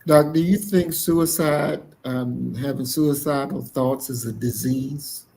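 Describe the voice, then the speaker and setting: Slow gravelly male host. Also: mid-range voice, fairly even intonation, mellow, poor audio.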